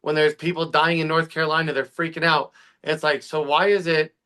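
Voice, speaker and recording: A man co-hosting a casual podcast, ranting fast and heatedly with lots of swearing. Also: on the high side, level tone, bright, forceful tone. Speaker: podcast co-host. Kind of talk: casual political podcast chat.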